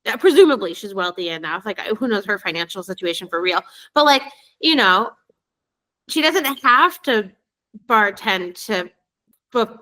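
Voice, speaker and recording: A woman's voice: mid-range voice, expressive, normal speed, bright, forceful tone. A woman co-hosting a podcast in casual chat, talkative, laughing easily and swearing now and then. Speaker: podcast co-host.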